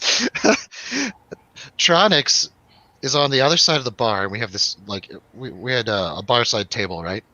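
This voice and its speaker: Lively man telling a rambling story. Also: medium pitch, moderate pace, dry recording, low-quality recording. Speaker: radio show host. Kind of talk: casual storytelling chat.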